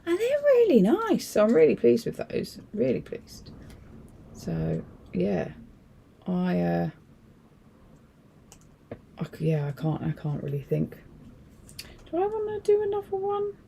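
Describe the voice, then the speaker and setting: A woman's voice: on the low side, big pitch swings, slow pace, creaky, long pauses, mellow, slight background noise. A woman hosting a casual crafting livestream, rambling and thinking aloud in a chatty, self-deprecating way.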